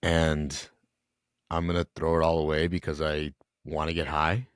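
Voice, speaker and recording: A young man, a podcast guest, telling an emotional personal story in an earnest, halting way. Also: very deep voice, level tone, clean tone, no echo, clean studio sound. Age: young adult.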